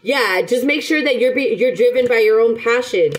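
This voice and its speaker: High-voiced woman giving a rambling tarot reading. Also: moderate pace, low-quality recording. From United States. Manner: rambling and emphatic, with restarts and pet names. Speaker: tarot reader. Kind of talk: casual tarot reading to camera.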